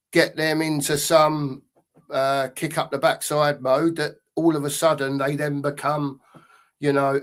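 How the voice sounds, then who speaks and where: Male co-host, slightly high voice, rambling, thinks aloud. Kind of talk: casual football fan chat.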